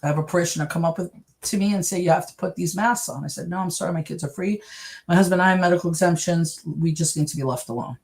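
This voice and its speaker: A middle-aged New York woman, a guest in an interview, talks fast in a lowish voice. She tells her story with animation, acting out the voices of the people in it.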